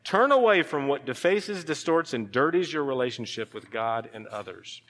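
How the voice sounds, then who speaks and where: A male pastor preaching a sermon, animated, with sudden drops to a hushed voice. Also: medium pitch, normal speed. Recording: long hall reverb.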